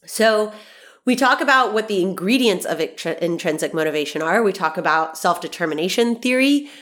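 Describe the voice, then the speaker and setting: Allergies leave this thirty-something podcast host sounding stuffy and nasal as she chats through a casual solo monologue. She's bubbly, laughs a lot, and swears casually, with a medium-pitched, fairly bright voice, lively intonation, and a moderate pace.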